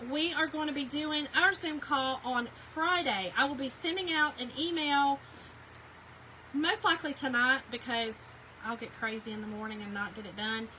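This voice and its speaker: Broadcasting from her home craft room, a middle-aged woman with a high-pitched, bright, pushed voice chats with viewers on a live craft stream. She addresses them directly, reading their comments aloud and responding, though the recording is poor and has a bit of background noise.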